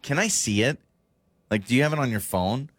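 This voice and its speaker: Male co-host, casual and playful, wide-swinging delivery, plain mid pitch. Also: lively intonation, fairly quick, dry recording. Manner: tries tongue twisters, laughs at own slips.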